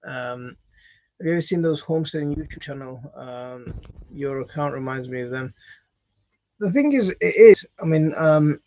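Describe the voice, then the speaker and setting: A man's voice: a little high, darkish tone, highs cut off. A tired man hosting a live stream, chatting casually and hesitantly with many ums and restarts while he answers viewer comments.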